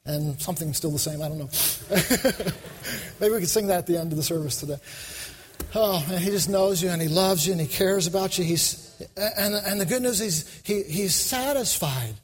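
A man's voice: high-pitched, moderate pace. A man preaching a fervent, repetitive sermon, speaking straight to a large crowd. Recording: long hall reverb.

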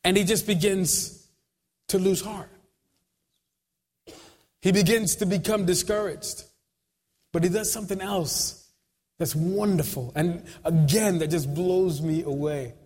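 High-voiced preacher man in a reverberant hall. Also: breathy edge. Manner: dramatic pauses, rising to shouts at peaks; conversational asides to the congregation. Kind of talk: sermon.

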